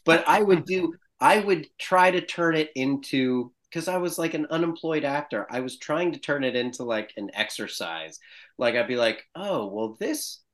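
A man telling a story in a casual chat, animated and quick to laugh. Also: a little high. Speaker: guest actor.

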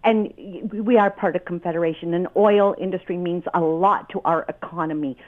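A woman's voice: on the low side, fairly even intonation, moderate pace. Woman, panelist, indignant, emphatic, tinny phone line. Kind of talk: talk show commentary by phone.

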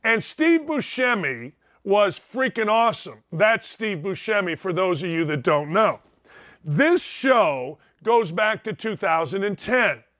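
A man's voice: sits high, very animated, a little slow, dry recording, studio quality. A man hosting his own show from home, talking straight to his audience in a casual monologue, emphatic and repeating lines for punch. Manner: emphatic, repeats lines for punch, keeps calling out "ladies and gentlemen". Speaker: show host.

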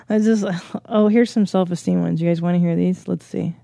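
A woman's voice: lowish voice, steady tone, brisk, gravelly, dark tone, no echo. Frank, rambling woman podcast host. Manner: rambling, frank and profane, with frequent laughs and fillers. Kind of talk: casual podcast monologue.

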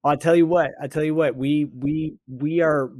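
Earnest stammering podcast host. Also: male voice, fairly high pitch, steady tone, darkish tone, no echo, studio quality. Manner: halting, repeats words, earnest. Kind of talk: casual interview chat.

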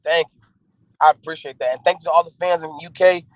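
Excitable rapper on the road. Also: male voice, a little high, fast, no room sound, low-quality recording. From North Carolina. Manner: grateful, excitable, laughing often. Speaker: rapper, guest. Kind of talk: casual interview. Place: in a moving car.

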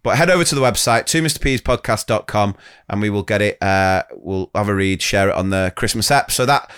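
A man's voice: lowish voice, a little fast, a bit bright, smooth. A young adult man co-hosting a teachers' podcast, reading listener stories in casual chat and laughing often.

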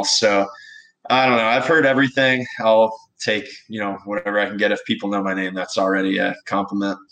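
A young man from Texas, a guest telling stories in a relaxed, casual interview, with many fillers. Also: fairly low pitch, poor audio. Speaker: guest, baseball pitcher.

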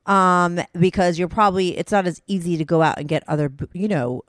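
A woman's voice: lowish voice, brisk, dry recording, clean studio sound. A woman hosting a podcast in casual chat, frank and filler-heavy, swearing freely. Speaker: podcast host.

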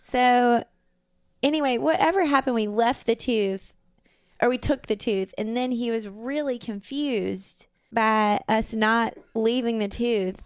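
A woman's voice: a little high, measured pace, clear, resonant tone, dry recording, studio quality. A woman guest on a podcast, casually telling a family story and laughing often. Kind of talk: casual chat.

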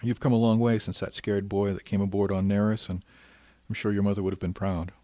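A calm, kindly woman commanding a starship, gentle yet brisk and businesslike, as a male narrator puts her on. The voice sits low and sounds dry and close. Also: no echo, natural voice. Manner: gentle, brisk and matter-of-fact.

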